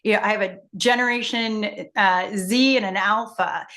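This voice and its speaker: A woman's voice: medium pitch, normal speed. A middle-aged woman, a facilitator and coach, telling stories in a casual conversation and acting out the dialogue. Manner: animated, acts out dialogue in her stories.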